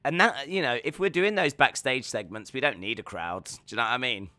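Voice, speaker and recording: Bright-voiced man hosting a live stream. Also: mid-range voice, fairly quick, no echo. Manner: rambling, animated, acts out scenes. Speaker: host. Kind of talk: live watch-along reaction stream.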